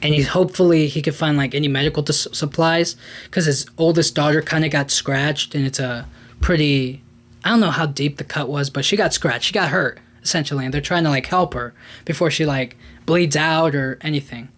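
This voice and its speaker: A man's voice: a little high, fairly quick. A man hosting a podcast, recapping a film in a casual, rambling way with lots of fillers and restarts. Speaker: podcast host.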